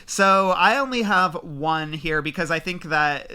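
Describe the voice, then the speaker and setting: A man's voice: a little high, measured pace, pushed and bright, clear, resonant tone. A man hosting a book podcast in casual chat, rambling a little as he introduces segments. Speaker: podcast host.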